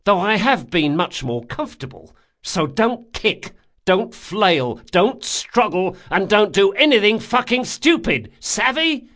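A man voicing a sharp-tongued male thief who threatens and mocks in a raised, forceful voice. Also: high-pitched, very animated, unhurried, pitched above the performer's own voice, heavily acted. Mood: sardonic. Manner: snarling, sarcastic, swearing.

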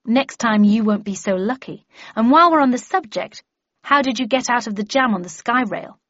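A cold, mocking female villain, as a woman reader puts her on sneers through her lines. The voice is slightly husky and louder than the narration. The recording is dry and a little dull. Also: a little high, expressive, normal speed, no room sound. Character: smug female villain who erases memories.

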